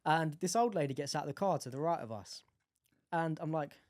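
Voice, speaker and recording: A young man co-hosting a podcast in casual chat, swearing freely and telling animated stories. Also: on the high side, fairly quick, dry recording, clean studio sound. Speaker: podcast co-host.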